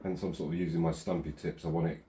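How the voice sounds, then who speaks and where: Low, husky-voiced hobbyist man. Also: level tone, fast talker, mellow. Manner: rambling, chatty, self-deprecating. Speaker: model railway hobby vlogger. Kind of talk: casual hands-on craft commentary. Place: outdoors.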